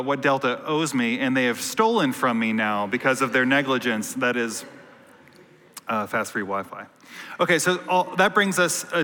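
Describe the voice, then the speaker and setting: A man's voice: fairly high pitch, pushed and bright. A man preaching a casual, joking sermon, telling stories with quoted asides, as a priest in a church. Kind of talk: conversational sermon. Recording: long church reverb.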